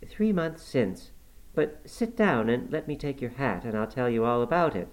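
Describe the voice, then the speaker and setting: A man voicing a brisk, motherly middle-aged housekeeper who fusses over her guest. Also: medium pitch, lively intonation, voice pushed up, natural voice, rough recording. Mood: bustling. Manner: brisk, fussing, hospitable. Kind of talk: audiobook character voice.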